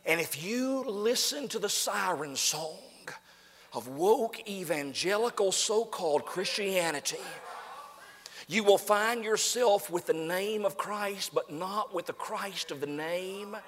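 Impassioned high-voiced male preacher. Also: expressive, slow pace, long reverb tail. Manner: impassioned, swings from shouting to hushed near-whisper. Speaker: pastor. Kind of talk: fiery sermon. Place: church sanctuary.

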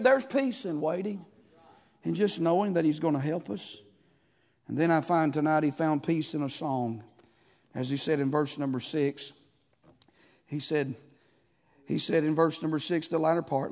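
A man's voice: fairly high pitch, moderate pace, pauses often, darkish tone. A man, preaching a sermon as pastor, building fervor and asking the congregation questions. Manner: preaching with rising fervor and call-and-response questions.

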